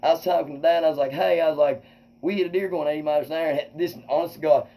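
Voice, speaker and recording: A man telling a wild personal story to viewers, animated and swearing, acting out quotes loudly. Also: a little high, very fast, low-quality recording. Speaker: comedian host.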